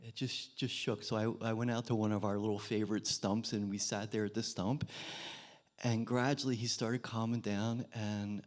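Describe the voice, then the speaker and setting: A man in his seventies telling a soft-spoken story at an open mic, his voice drifting quieter as he restarts phrases. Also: on the low side, little pitch movement, moderate pace. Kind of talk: spoken storytelling before a song.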